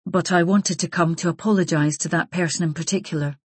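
A woman's voice: lowish voice, steady tone, a little fast, husky, no echo. A woman reading as a hesitant, ashamed woman. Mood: subdued. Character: remorseful grown woman, former school bully. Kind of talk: audiobook character voice.

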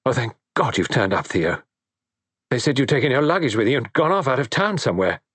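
A man's voice: medium pitch, big pitch swings, brisk, fairly bright tone, slightly rough, dry recording, voice pushed up. A man voicing an anxious, fretful young husband in an audiobook, nervous and talking as if to reassure himself. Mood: worried. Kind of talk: audiobook character voice.

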